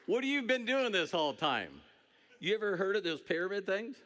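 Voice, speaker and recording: A middle-aged man giving a motivational stage speech, animated and joking, breaking into shouts. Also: high voice, a little fast, a little hiss or hum. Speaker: network marketing speaker. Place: stage before a large audience.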